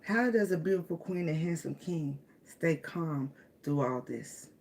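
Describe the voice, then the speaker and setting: A woman's voice: deep voice, lively intonation, unhurried, a little mellow, a little hiss or hum. A woman with giving a casual tarot reading. She speaks with emotion, laughs often and repeats phrases. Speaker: tarot reader.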